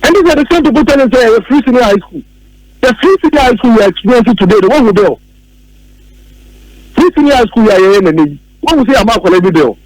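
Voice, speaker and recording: A Ghanaian-accented man delivers heated political commentary in a high, ringing voice. He hammers his points home, repeating phrases and mocking opponents, and the studio sound is close and dry. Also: animated, fast, a little mellow, no room sound, rough recording. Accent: Ghanaian English. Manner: emphatic, repeats key phrases, mocks opponents.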